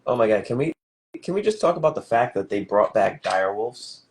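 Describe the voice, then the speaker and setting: A man co-hosting a casual building stream, with a relaxed and agreeable manner. He jokes easily and chats along loosely with his partner. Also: on the low side, a little fast. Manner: laid-back, jokey, agreeable. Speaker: co-host of a building livestream. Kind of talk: casual chat while building.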